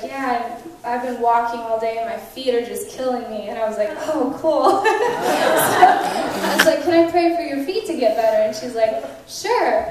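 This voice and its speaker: A woman with a high voice tells testimonies at a conference in animated style. She acts out quoted dialogue and laughs between lines. She is heard from a distance in a very echoey hall. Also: slight background noise. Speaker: conference speaker sharing testimonies. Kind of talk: testimony storytelling.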